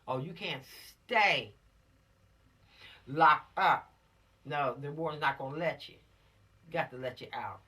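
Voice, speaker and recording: A woman's voice: rumbling low, normal speed, bright, forceful tone, distant mic. A woman teaching a law course to teens, preachy and emphatic, repeating her warnings and dropping into slang. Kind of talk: lecture to teens.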